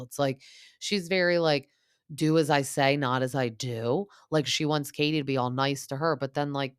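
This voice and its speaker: A woman's voice: very deep voice, clear, resonant tone, no echo, clean studio sound. A woman hosting a podcast, giving an opinionated, casual recap of reality TV and acting out what cast members said. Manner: chatty and opinionated, lots of fillers; mimics cast members in quoted asides. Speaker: podcast host.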